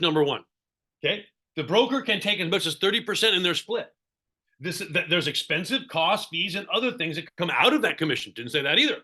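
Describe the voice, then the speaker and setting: Man, high bright voice, animated sarcastic coach who quizzes his audience on a video call. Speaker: real estate coach. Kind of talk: live online seminar talk.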